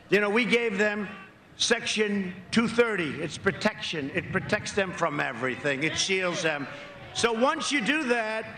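A man's voice: sits high, pushed and bright, slight background noise. A man giving a campaign rally speech, emphatic and repetitive, with rambling asides. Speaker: political candidate. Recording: echoey rally recording.

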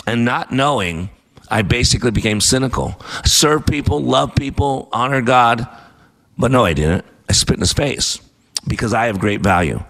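Bright-voiced man hosting motivational radio. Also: medium pitch, lively intonation, normal speed. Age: 50s. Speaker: radio host.

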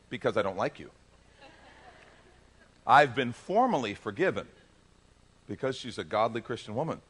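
A middle-aged male pastor preaching a sermon, swinging between emphatic loud lines and soft low asides. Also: big pitch swings, a little fast, long pauses.

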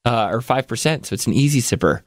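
A man's voice: mid-range voice, animated, fast. Easygoing male co-host, casual conversational delivery. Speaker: podcast co-host. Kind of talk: casual chat.

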